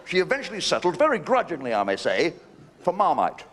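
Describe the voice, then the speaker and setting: A man's voice: on the high side, wildly swooping pitch, fairly quick, a bit bright. A man doing a live stand-up routine, telling cheeky stories and throwing asides to the audience. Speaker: stand-up comedian. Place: live show venue. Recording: noisy live stage recording.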